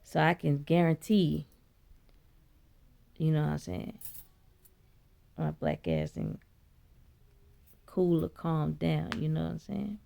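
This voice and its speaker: A woman telling a spiritual story in a blunt, profane, chatty way, her voice leaping high when she quotes herself. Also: big pitch swings, takes it slowly, vocal fry, pauses often, warm tone. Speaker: vlogger. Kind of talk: casual spiritual storytelling monologue.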